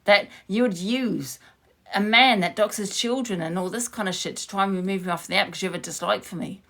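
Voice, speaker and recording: A woman's voice: medium pitch, fairly quick, a bit bright. Angry woman ranting on a live stream. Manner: heated, confrontational, swears freely. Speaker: livestreamer.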